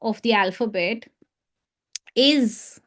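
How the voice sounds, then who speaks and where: Indian lady teaching phonics live, slow and careful, repeats each letter sound over and over. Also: a little high. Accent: Indian English. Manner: demonstrates letter sounds with short repeated drills. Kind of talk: live online phonics lesson.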